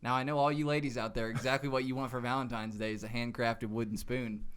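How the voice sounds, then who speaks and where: A man co-hosting a casual podcast, joking and reading aloud haltingly. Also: mid-range voice, little pitch movement, fairly bright tone, clean tone. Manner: jokey, reads aloud haltingly. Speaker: podcast co-host. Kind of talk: casual chat.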